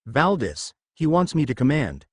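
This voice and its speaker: A man's voice: fairly high pitch, big pitch swings, normal speed, dry recording, studio quality. A man reading the lines of a wary young shield maiden in a guarded, questioning way, as storybook narration.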